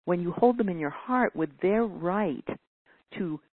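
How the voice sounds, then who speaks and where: A woman's voice: on the low side, animated, a little slow, husky, dry recording. Earnest woman teacher on a tinny line. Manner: earnest, acts out whiny quoted voices. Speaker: spiritual teacher answering a caller. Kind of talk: teaching talk. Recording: dry phone-like audio.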